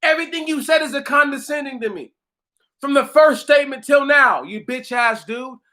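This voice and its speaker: A man ranting casually and profanely, mocking someone, often breaking into loud laughter and shouts while a little tipsy. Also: very high-pitched, moderate pace. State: tipsy from drinking. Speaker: commentator reacting to a commenter. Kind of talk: casual reaction rant.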